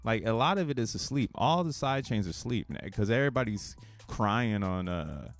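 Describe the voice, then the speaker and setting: Low-voiced, profane male streamer, excitable and slangy, dry close sound. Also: normal speed, no echo, soft background music. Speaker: crypto streamer. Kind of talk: casual live-stream commentary.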